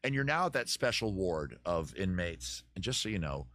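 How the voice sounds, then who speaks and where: A man's voice: fairly low pitch, big pitch swings, normal speed, hardly any pauses, a bit bright, no room sound. A man hosting his live-stream chat show close to the microphone, rambling, joking and poking fun at himself. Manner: rambling, joking and self-mocking.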